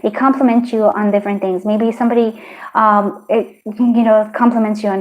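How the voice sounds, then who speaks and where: Woman with a higher voice doing a tarot reading. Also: steady tone, normal speed, muffled recording. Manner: rambling, many fillers and restarts; gentle, encouraging. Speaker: tarot reader. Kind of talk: pick-a-card tarot reading.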